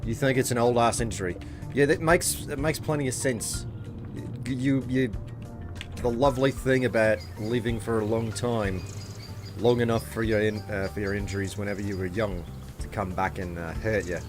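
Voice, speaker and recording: A man's voice: fairly low pitch, steady tone, normal speed. A man streaming a game live, chatting casually and thinking aloud as he plays. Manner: casual, rambling, thinking aloud while playing. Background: game music.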